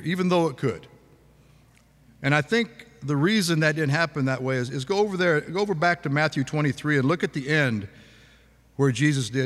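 A man preaching a sermon in a relaxed conversational way, asking the congregation questions. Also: a little high, big-room sound. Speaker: pastor.

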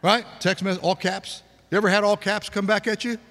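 A man's voice: high voice, steady tone, a little fast, a bit bright. Conversational male preacher in a reverberant hall. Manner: conversational preaching with audience questions. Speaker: pastor. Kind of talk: sermon.

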